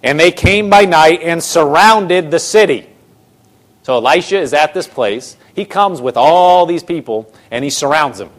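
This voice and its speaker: A man preaching a sermon, retelling a scripture story in casual, animated voices. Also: a little high, measured pace.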